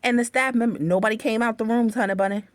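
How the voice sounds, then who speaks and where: A woman's voice: a little high, fast talker, no room sound. Woman ranting a story into her phone, cussing a lot, very dry close sound. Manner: animated, profane, addresses viewers as honey bunnies. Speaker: livestream host. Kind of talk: casual storytelling to viewers.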